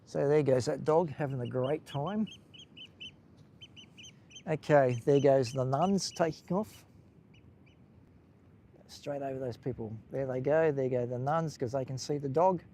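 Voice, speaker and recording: A man's voice: medium pitch, unhurried, long pauses, warm tone, a little hiss or hum. A man with an Australian accent, hosting a casual live stream while walking outdoors along a beach, chatting with viewers in a rambling way and talking into a handheld phone.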